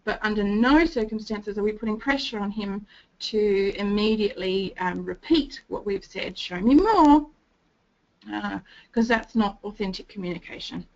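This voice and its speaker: A woman presenting a training talk, explaining steadily and acting out gentle sing-song phrases as if to a child. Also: medium pitch, fairly even intonation, moderate pace. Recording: dull lo-fi recording.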